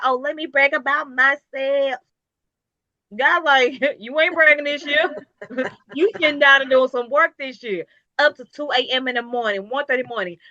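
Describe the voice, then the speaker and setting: A woman's voice: fairly high pitch, bright, forceful tone, no echo, muffled recording. A woman business owner talking in an interview, emphatic and preachy, with repetitive motivational phrasing. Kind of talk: casual interview talk.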